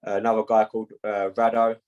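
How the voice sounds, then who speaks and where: A man's voice: lowish voice, completely flat delivery, darkish tone, smooth, dull audio. Easygoing man saying "mate". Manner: laid-back, says "mate" a lot, halting with fillers. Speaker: boxer being interviewed. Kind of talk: casual interview chat.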